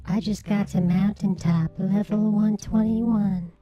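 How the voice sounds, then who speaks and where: A man speaking through an auto-tune voice changer as an alien, slowly reading chat messages aloud. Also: high-pitched, fairly even intonation, dark tone, soft background music, pitched above the performer's own voice. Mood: droning. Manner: slow, drawn-out.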